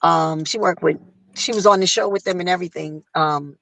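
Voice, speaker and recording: A woman singer telling a story in casual conversation, acting out other people's lines in a higher voice. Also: brisk, gravelly, dry recording, low-quality recording. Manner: animated, acts out quotes in a higher voice. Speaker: guest singer.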